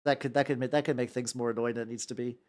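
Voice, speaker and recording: A young American man hosts a casual painting stream, rambling, stammering and repeating words, laughing often and jumping between topics with frequent restarts. He talks rapid-fire in a medium-pitched, darkish voice with fairly even intonation.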